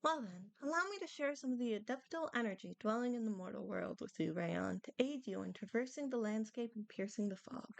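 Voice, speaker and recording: A woman's voice: medium pitch, animated, brisk, creaky, few pauses, dry recording. A woman reading aloud the lines of a serene, formal female spirit of the vale in a game, in a courteous, old-fashioned manner. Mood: gentle formal. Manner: stately, courteous, slightly archaic phrasing read aloud. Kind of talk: reading game dialogue aloud while playing.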